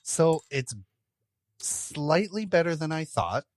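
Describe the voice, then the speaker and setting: A man's voice: fairly high pitch, animated, slow, no echo. A man co-hosting a podcast in casual chat, dry and descriptive as he tastes a beer. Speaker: podcast co-host.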